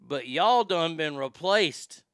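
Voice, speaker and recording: A man's voice: a little high, expressive, slow pace, a bit bright, clear, resonant tone, no echo. A man hosting a comedy show, delivering a crude, rambling monologue. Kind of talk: stand-up style comic monologue.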